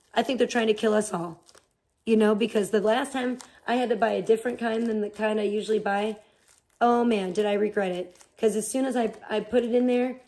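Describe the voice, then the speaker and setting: A woman's voice: a little high, a little mellow. A woman live streamer chatting casually, rambling and swearing as she rants in exasperation. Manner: rambling, profane, exasperated ranting. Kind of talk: casual chat.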